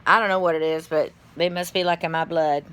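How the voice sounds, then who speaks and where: A woman's voice: deep voice, fairly even intonation, fairly quick, fairly bright tone, clean tone. A tired middle-aged woman, chatting casually to her phone camera in a rambling way, yawning and swearing now and then. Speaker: vlogger.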